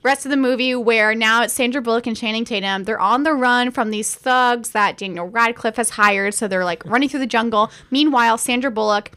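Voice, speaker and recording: A woman co-hosting a casual movie-review podcast, her voice high and bright. She rambles through the plot in relaxed chat, dropping "like" into almost every line. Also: brisk, few pauses. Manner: chatty, peppers speech with "like". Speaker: podcast co-host.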